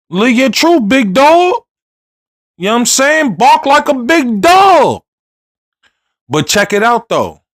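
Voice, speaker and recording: A man's voice: mid-range voice, dry recording, studio quality. A man giving laid-back, joking reaction commentary. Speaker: reaction host.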